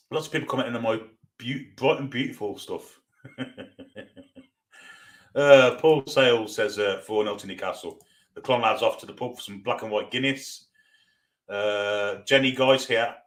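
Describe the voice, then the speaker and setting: A man's voice: fairly low pitch, fairly bright tone. Chatty Geordie man hosting a fan stream. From North East England. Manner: chatty, reads out viewer comments with banter. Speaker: fan watchalong host. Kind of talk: live stream chat reading.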